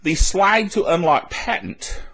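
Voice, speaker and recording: A man's voice: sits high, lively intonation, measured pace, a bit bright. A man hosting a solo tech news podcast, chatty and rambling with laughs and asides, his throat a little dry. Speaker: podcast host.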